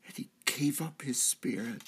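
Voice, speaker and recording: A man's voice: mid-range voice, normal speed, bright, forceful tone, breathy edge. A man playing a repentant thief from the crucifixion, telling his story earnestly in a church drama monologue. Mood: solemn. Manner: earnest storytelling, swelling to cries at key moments. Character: repentant male thief, crucified, now redeemed.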